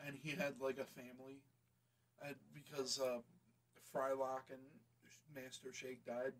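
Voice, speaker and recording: A man's voice: medium pitch, completely flat delivery, measured pace, low-quality recording. A young man co-hosting a podcast, rambling in casual chat with lots of fillers and swearing. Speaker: podcast co-host.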